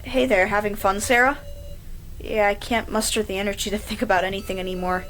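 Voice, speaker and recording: A woman's voice: mid-range voice, fairly even intonation, brisk, fairly bright tone, a little hiss or hum, natural voice, low-quality recording. Mocking young man's hallucination, read by a woman; smug, taunting.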